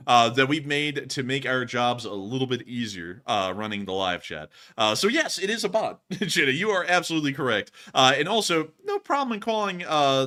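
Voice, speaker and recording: A man's voice: mid-range voice, sharp tone. A man hosting a live stream, chatting loosely with many fillers and laughs as he answers donations. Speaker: host. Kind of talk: casual live-stream chat reading donations.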